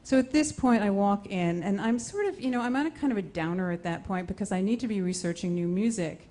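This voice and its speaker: A woman from the United States tells a personal story live on stage. Her voice is mellow and warm, animated, and she breaks off and restarts as she acts out the dialogue. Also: mid-range voice, brisk.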